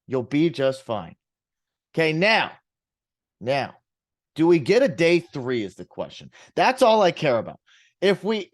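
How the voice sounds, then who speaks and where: A man rants about the stock market with heavy swearing and blunt repetition, driving his points home. His voice sits slightly high for a man. The sound is dry and close, with no room around it. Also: no room sound. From US West Coast. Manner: profane, emphatic, ranting, repeats himself. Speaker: trading show host. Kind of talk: ranting market commentary.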